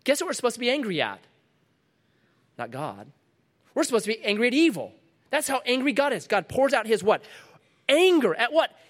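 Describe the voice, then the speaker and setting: A middle-aged man preaching a sermon to a congregation, dramatic, dropping to a hush and then rising loud again. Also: extremely high pitch, sing-song, brisk, pauses often. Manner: dramatic, swings from loud to hushed. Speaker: pastor.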